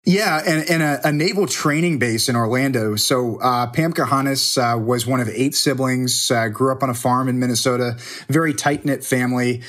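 A man's voice: medium pitch, normal speed, hardly any pauses, fairly bright tone. A man who works as a TV news reporter, a guest on a remote call, talking casually and hesitantly with many restarts. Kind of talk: casual interview. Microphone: remote connection.

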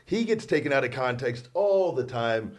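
A man's voice: medium pitch, expressive, moderate pace. A man hosting a podcast in casual chat, sarcastic and self-deprecating, rambling with many restarts. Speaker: podcast host.

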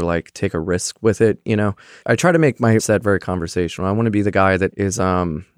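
A man's voice: lowish voice, clean tone, dry recording, clean studio sound. A young man, a stand-up comedian, chatting loosely in an interview, with many fillers and casual swearing. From Philadelphia area.

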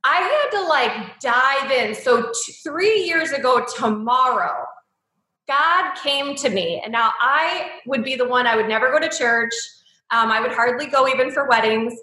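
A woman's voice: high voice, lively intonation, a little slow, pushed and bright, reverberant, rough recording. A woman in her thirties telling her personal story as an interview guest, candid and emotional, with many likes and ums.

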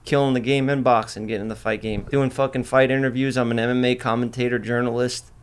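A man's voice: mid-range voice, flat delivery, quick pace, clean tone. A young man hosting a podcast in a loose, boastful way, swearing freely and talking over the others. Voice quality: brash, profane, boastful. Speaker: podcast host. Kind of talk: casual chat.

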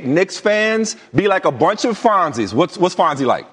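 A man co-hosting a sports debate show, with a voice sitting a bit higher than most men's. He argues in a playful, teasing tone and stretches words out for emphasis. His voice carries a long reverb tail. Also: very animated, moderate pace, fairly bright tone, breathy edge. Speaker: sports talk show co-host. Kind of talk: lively studio sports debate.

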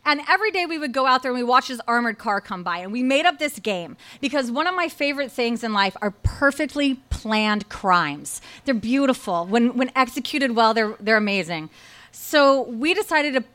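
A young adult woman telling a true personal story with wry, animated comic timing. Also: fairly high pitch, normal speed.

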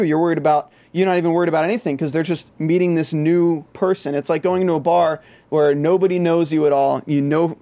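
A man's voice: fairly high pitch, dark tone, no echo. A man from the American South chatting casually about a TV show, rambling with many restarts and fillers. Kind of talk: casual TV recap chat.

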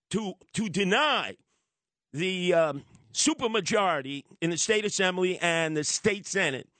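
A male talk radio host, delivering a sarcastic, animated opinion monologue. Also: high voice, no echo. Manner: animated, sarcastic, slips into mocking voices.

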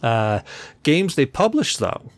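A man's voice: on the high side, big pitch swings, slow. A man hosting a podcast alone, rambling in a casual, self-deprecating way and swearing freely. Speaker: podcast host. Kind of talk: casual solo podcast chat.

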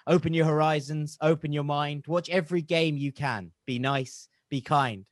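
A man's voice: on the high side, normal speed, no echo, studio quality. A man hosting a casual football podcast, reciting a rhyming poem and then bantering and laughing with his co-hosts. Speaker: podcast host.

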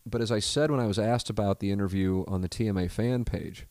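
A man hosting a podcast, telling a story in casual talk, often trailing off into a low mutter and then getting loud and excited. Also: quick pace, no echo. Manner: storytelling, gets loud and excited when fired up; frequent fillers and restarts, drops to a low mutter. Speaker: podcast host. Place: home studio.

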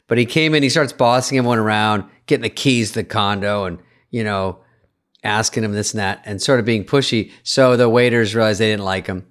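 A man's voice: on the low side, brisk. A man co-hosting a podcast, animatedly telling comedy stories in casual chat. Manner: animated storyteller, acts out voices. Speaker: podcast co-host.

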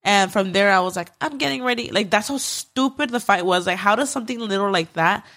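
A young female podcast co-host talks fairly quickly in a mid-range voice as she recounts a story in casual chat. Her delivery is animated, sprinkled with plenty of fillers and free swearing.

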